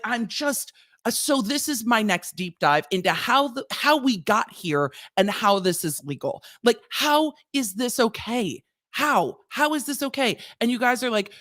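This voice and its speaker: Exasperated woman ranting. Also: medium pitch. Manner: exasperated, animated ranting with rhetorical questions. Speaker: lawyer and channel host. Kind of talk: casual ranting monologue.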